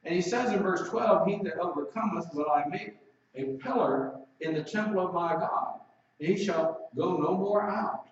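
Male preacher, slightly high voice, emphatic sermon delivery, distant, dull, echoing recording. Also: slight background noise. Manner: preaching with emphatic, drawn-out scripture reading. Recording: roomy echo, distant mic, dull lo-fi sound.

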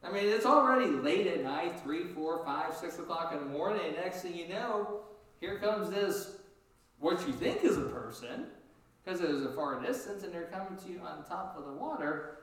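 A man preaching a sermon in a lively, animated way, jumping up in pitch as he acts out what people said. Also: normal speed. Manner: animated, acts out quotes with sudden high pitch jumps. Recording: echoey room, distant from mic.

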